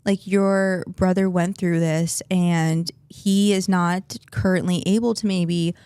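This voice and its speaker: A woman's voice: fairly low pitch, steady tone, slow pace, dark tone, clear, resonant tone, no echo. Supportive woman podcast host. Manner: supportive, frequent "mm-hmm" backchannels. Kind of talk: casual interview chat.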